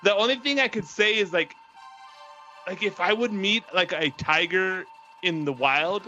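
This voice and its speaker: A man's voice: high voice, a little slow, pushed and bright, dull audio, faint music behind. A man casually telling a long dream story on a podcast, rambling with constant "like" fillers and cheerful swearing. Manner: rambling, heavy use of filler "like"; profane, laughs through the telling. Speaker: podcast co-host.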